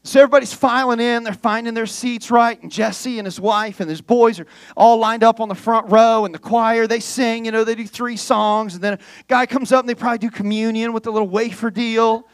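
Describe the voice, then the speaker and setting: A man with a high, light voice preaching a sermon as a guest pastor. He tells the story with humor and slips into the voices of the characters he describes. The sound is dry and close, with no room around it. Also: fairly even intonation, brisk, hardly any pauses, clear, resonant tone, no echo.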